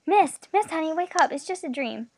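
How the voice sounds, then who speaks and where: A woman voicing a worried, tearful woman who speaks in a high, pleading way. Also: animated, normal speed. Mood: anxious.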